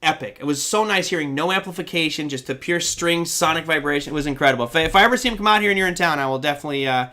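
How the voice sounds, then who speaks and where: A man's voice: fairly high pitch, racing, few pauses, pushed and bright. A man hosting a live online trading show, talking energetically and rambling with fillers into a desk microphone. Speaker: host.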